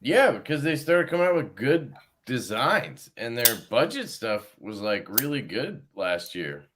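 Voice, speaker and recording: Man, livestream host, casual rambling chat, lively pitch, bright tone, swears a bit. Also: a little slow, slight background noise. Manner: rambling, profane, jokey.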